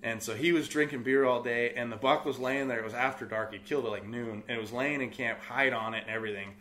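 The outfitter business owner, a young guest with a Californian accent, has a medium-pitched, steady, sharp voice and a quick pace. Telling a hunting story casually, he rambles, fills with lots of "like" and acts out what people said.

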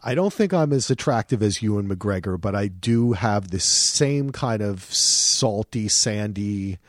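Male podcast co-host, lively and foul-mouthed, bouncy pitch, dry close recording. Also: unhurried, no room sound. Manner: animated, profane, restarts often. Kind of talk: casual chat.

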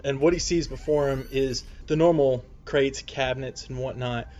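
A man's voice: medium pitch, fairly even intonation, moderate pace, darkish tone. A man playing a tabletop game, narrating his character's actions with tense, dramatic storytelling. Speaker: player. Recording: dull lo-fi mic.

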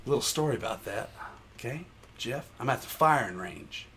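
A man co-hosting a podcast, telling stories loudly with frequent laughter in casual banter. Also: mid-range voice, lively intonation, moderate pace, slight background noise. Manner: loud, laughing, storytelling. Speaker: podcast co-host.

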